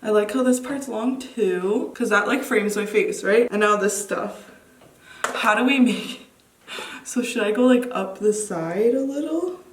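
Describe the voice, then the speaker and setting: A woman's voice: medium pitch, a little slow, slight background noise. A woman chatting casually to camera at home, nervous and giggly, often exclaiming. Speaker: beauty vlogger. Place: room at home. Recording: echoey room, mic a bit distant.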